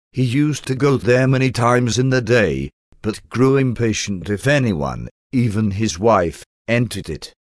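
A man narrating a gothic tale as an audiobook, in a measured storytelling manner. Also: medium pitch, no room sound, clean studio sound.

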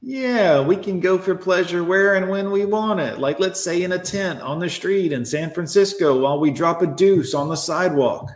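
A man rants at his chat in sarcastic, profane bursts as he reacts to posts on a livestream. His voice sits a little high. The room gives it a noticeable echo. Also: moderate pace, few pauses. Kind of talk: ranting live commentary.

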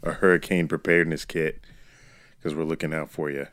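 A young man co-hosting a podcast, talking in loud, crude, rambling banter. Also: extremely low pitch, little pitch movement, a little fast. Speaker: podcast co-host. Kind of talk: casual chat.

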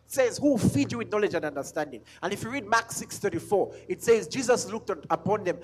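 A high-pitched male pastor preaching with emphatic force. He hammers his points with repeated questions and often slides into a half-sung chant when he reads scripture. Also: expressive, quick pace, a little mellow. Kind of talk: sermon.

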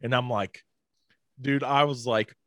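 A man's voice: mid-range voice, fairly even intonation, measured pace, a bit bright, no echo. A man telling a story in casual podcast chat, peppered with "like" and "dude" and swearing freely.

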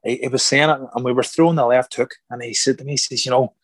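A middle-aged man, a former boxer turned actor, telling stories in a casual interview, animated and acting out quoted voices. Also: medium pitch, quick pace, no room sound. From Ireland. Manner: animated, acts out quoted voices, repeats words. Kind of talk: casual conversational storytelling.

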